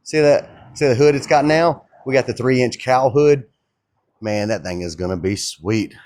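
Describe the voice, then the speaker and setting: A young man talks through his shop work in an easygoing, excited drawl, forever calling people dude and man. His voice sits at an ordinary pitch, and the recording is dry with almost no room sound. It feels like an unscripted workshop vlog. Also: no echo. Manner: laid-back and enthusiastic, drawling, calls viewers dude and man. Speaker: custom truck builder and vlogger.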